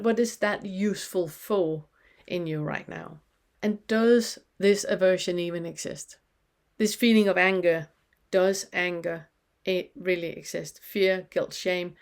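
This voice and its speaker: A woman teaching a spiritual lesson, speaking slowly and gently in questions, often pausing to let listeners feel into an experience. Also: mid-range voice. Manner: slow, gentle questioning with pauses.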